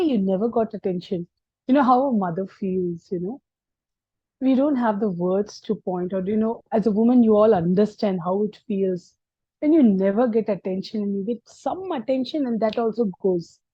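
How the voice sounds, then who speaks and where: A middle-aged woman with an Indian English accent telling her life story as a guest, animated and acting out the people she quotes. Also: mid-range voice, normal speed, husky, dry recording, highs cut off. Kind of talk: personal storytelling.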